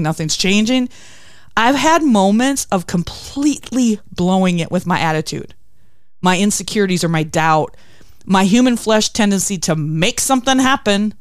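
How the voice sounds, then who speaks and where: A woman's voice: mid-range voice, clean tone, no echo, clean studio sound. A woman hosting a faith devotional talk, telling stories expressively and acting out quotes. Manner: expressive storytelling with acted quotes. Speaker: podcast host.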